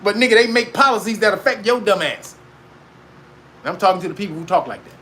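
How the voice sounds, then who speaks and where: A man rants casually in a very high, bright voice. He is profane and animated and laughs often. Faint noise hums underneath. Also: fast talker. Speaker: commentator. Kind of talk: casual rant monologue.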